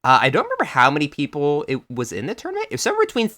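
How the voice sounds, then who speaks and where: A man hosting a casual card-game podcast, talking in an animated way and laughing often. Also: fairly high pitch, racing. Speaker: podcast host.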